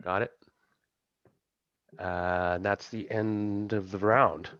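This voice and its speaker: Male game master, casual, slightly low voice, dry muffled call audio. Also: flat delivery, slow pace, a bit bright, no room sound. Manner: casual, laughing, thinking aloud. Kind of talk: running a tabletop game.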